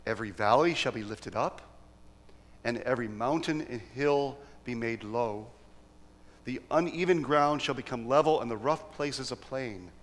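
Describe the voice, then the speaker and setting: A man preaching in church, who reads scripture solemnly and talks through his points in a halting way with restarts. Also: mid-range voice, long reverb tail. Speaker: pastor. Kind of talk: sermon with scripture reading.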